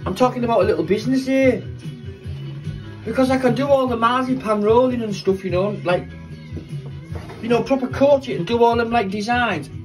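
A man's voice: very high voice, a little fast, long pauses. A man, chatting casually and telling rambling jokey stories while baking in his kitchen. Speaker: vlogger. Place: home kitchen. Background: rock music playing from a smart speaker.

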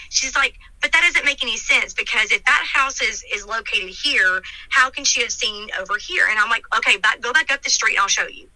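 A woman's voice: medium pitch, pushed and bright, no echo, rough recording. A middle-aged woman telling her account in an interview, animatedly retelling events and acting out the dialogue. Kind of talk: emotional storytelling in an interview.

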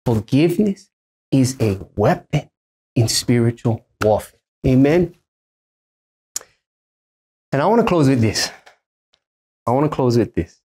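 A man from Hawaii in his thirties delivers a sermon from a church stage. He is emphatic and repeats his main points so they land. His pitch sits in the middle for a man. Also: animated, unhurried, long pauses, dark tone, husky. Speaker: pastor.

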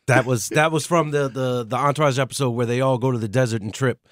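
A man's voice: medium pitch, steady tone, dry recording, studio quality. Jokey male radio co-host. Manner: quick jokey asides. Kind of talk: radio studio banter.

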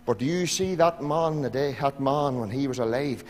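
Fervent Northern Irish pastor preaching. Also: male voice, medium pitch, normal speed. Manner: fervent, pleading, swings from loud to hushed. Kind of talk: sermon. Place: church sanctuary. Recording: church hall reverb.

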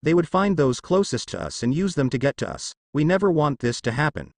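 Protective young ninja woman, read by a man, fierce yet gentle, teasing, lively swings in pitch, dry close sound. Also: brisk, no room sound. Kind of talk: fanfiction audiobook reading.

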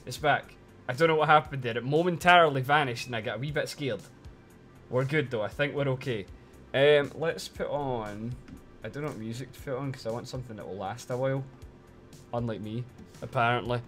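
A man's voice: medium pitch, fairly bright tone. A man chatting casually on a live stream, teasing his chat and swearing a lot while complaining that he is cold.

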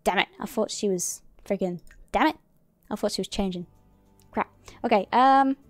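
Woman streamer, chatty muttering play-by-play, dry close sound, soft music underneath. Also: medium pitch, moderate pace, no echo. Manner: chatty, mutters to herself, mild swearing. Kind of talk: casual gameplay commentary.

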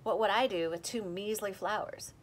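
A woman's voice: medium pitch, normal speed, slight background noise, close to an everyday voice. A woman voicing an eager, jokey nine-year-old boy in a storybook reading. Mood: cheeky. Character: excitable boy around nine, narrator.

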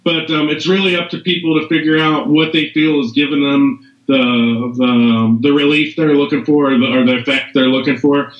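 A man's voice: a little high, flat delivery, moderate pace, few pauses. A middle-aged man, a podcast guest, talking casually in a rambling way, with lots of fillers and restarts. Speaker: guest, CBD business owner. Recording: echoey, dull lo-fi room sound.

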